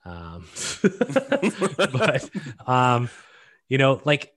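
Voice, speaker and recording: A man co-hosting a class, speaking slowly and hesitantly with frequent uh fillers. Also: medium pitch, lively intonation, fairly bright tone. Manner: slow and hesitant, with many uh fillers. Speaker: co-host of the class. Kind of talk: conversational class talk.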